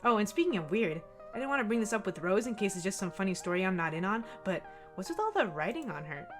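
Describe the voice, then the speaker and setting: A woman's voice: mid-range voice, sing-song, fast, faint music behind, lightly acted. A woman voicing a cheerful, goofy teenage boy who talks in an upbeat, chatty way.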